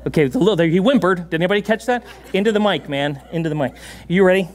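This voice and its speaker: A man preaching a sermon in a church, animated and laughing often, giving commands to a dog on stage. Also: high voice, racing. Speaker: pastor. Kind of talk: sermon with a live dog demonstration. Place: church sanctuary.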